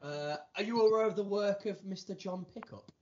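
A man's voice: high voice, moderate pace, a little mellow. A man hosting a comedy podcast, giggly and teasing as he runs the segment. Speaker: podcast host. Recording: slightly dull lo-fi sound.

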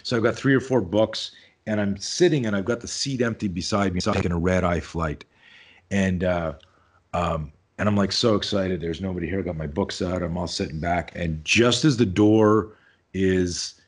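Deep husky-voiced man telling stories. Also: normal speed. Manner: rambling, frequent restarts, swears freely. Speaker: self-defense instructor, guest. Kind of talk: casual storytelling interview.

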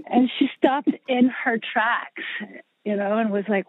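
A woman's voice: mid-range voice, steady tone, normal speed, no echo. A woman guest on a podcast, telling long stories about her family's music in a chatty way, with many fillers and restarts. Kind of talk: casual interview storytelling. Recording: husky, dry, phone-like line.

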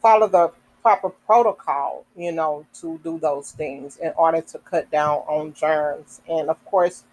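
Woman podcaster reading off health info, slow and careful, lots of ums, stops to chat a bit. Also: deep voice, a little mellow, rough recording. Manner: reads slowly with fillers and self-corrections; adds casual asides. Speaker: podcast host. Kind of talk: reading health information aloud.

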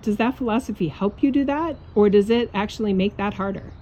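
A woman's voice: medium pitch, brisk, warm tone, a little hiss or hum. Blunt, emphatic woman giving a spiritual pep talk. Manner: blunt, emphatic, swears, laughs often. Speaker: spiritual coach. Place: outdoors in a yard.

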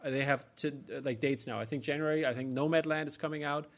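A man's voice: on the high side, steady tone, fast. A man with a German accent, hosting a casual chat, friendly, asking questions and often restarting his sentences. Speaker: podcast host.

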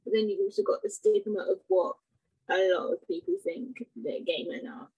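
Husky-voiced woman, thoughtful. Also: medium pitch, steady tone, moderate pace, warm tone, no room sound, muffled recording. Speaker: podcast co-host. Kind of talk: casual chat reviewing a TV drama.

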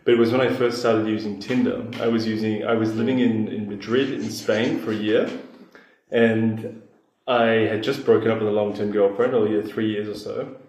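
A man, a podcast guest telling a dating story in a relaxed, self-deprecating way, laughing along. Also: on the low side, moderate pace, roomy sound, slight background noise, low-quality recording. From Australia. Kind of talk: casual storytelling chat.

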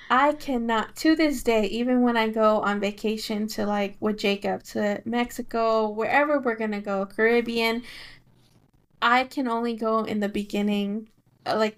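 A woman's voice: a little high, clean tone. A young woman, the daughter co-hosting the podcast, talking in casual chat with insistent, emphatic repeats and restarts.

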